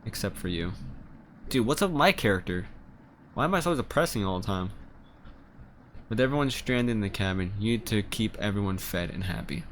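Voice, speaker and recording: A man's voice: fairly low pitch, expressive, brisk, long pauses, a bit bright, a little hiss or hum. A young man casually commenting on a video game and reading its text aloud, joking, swearing freely and chuckling at a desk microphone. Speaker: gaming video creator.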